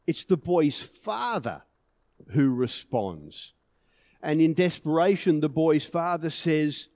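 A man's voice: a little high, animated, a little slow, a little mellow, no echo. A man preaching a sermon in an earnest way, pushing emphatic peaks on key words.

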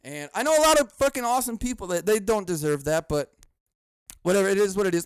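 A man rants alone on his podcast in a high, smooth voice, swearing freely. He swings from loud mock outrage to low, muttered asides and laughs at his own jokes. The close mic keeps the sound dry. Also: lively intonation, fast talker, no room sound. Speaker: podcast host. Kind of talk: casual solo podcast rant.

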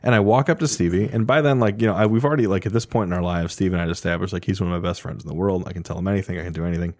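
A man telling a funny story in a casual chat, animated and profane, laughing often as he goes. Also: sits low, rapid-fire, dry recording, studio quality. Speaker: storyteller guest.

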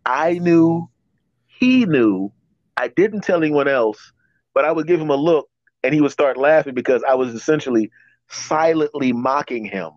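Expressive and on the high side, this podcast host's voice moves at a moderate pace as he rambles through stories, often starting over. He's in his fifties, and the recording sounds dry and dull.

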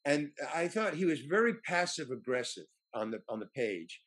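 An older man, an actor, telling anecdotes in a halting way, with many fillers and restarts. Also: a little high, big pitch swings, fairly bright tone. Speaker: actor guest. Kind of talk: anecdotal storytelling.

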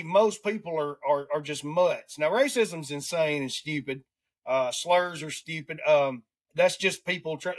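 A man's voice: a little high, a bit bright. A man from Alabama with a Southern accent, hosting a casual podcast chat and rambling through his points with frequent restarts. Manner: rambling, restarts often, drawn-out emphasis. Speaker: podcast host.

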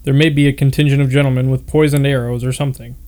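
A man voicing a mild, soft-hearted young explorer who drawls a little, in a read-aloud story. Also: mid-range voice, little pitch movement, fast talker, lightly acted.

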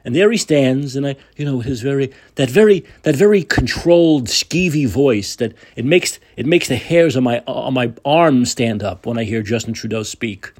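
A man's voice: mid-range voice, normal speed, few pauses, a little mellow. A man hosting a political talk show, delivering a combative, sarcastic monologue with profanity. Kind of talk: opinionated monologue.

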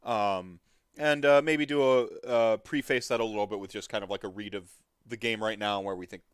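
A man's voice: lowish voice, fairly quick, smooth, dry recording, studio quality. A man hosting a casual hobby podcast, talking in a rambling, friendly way with lots of filler words and frequent laughs. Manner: laughs often, friendly and upbeat. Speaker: podcast host.

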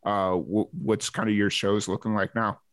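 A man's voice: lowish voice, level tone, moderate pace, dry recording. A man from Chicago hosting an interview podcast, telling stories in an easygoing way and putting in short backchannels. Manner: easygoing storyteller, brief backchannels. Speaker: podcast host. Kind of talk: casual interview chat.

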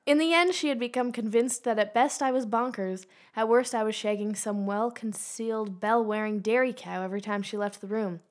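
Young woman podcast host, kinda high voice, reads stuff out loud, dry little jokes, giggles. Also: fairly quick, hardly any pauses. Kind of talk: casual podcast chat, reading a review aloud.

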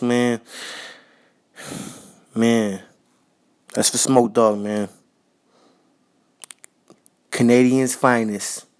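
A man's voice: medium pitch, clear, resonant tone. A man hosting a podcast, giving a casual spoken tribute in a slangy, repetitive way and talking straight to his listeners. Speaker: podcast host.

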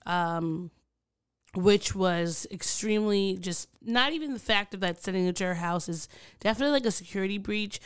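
A woman's voice: mid-range voice, normal speed, clean tone, no room sound, studio quality. Chatty, hesitant woman. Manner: chatty, hesitant with many fillers. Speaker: podcast co-host. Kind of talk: casual conversation.

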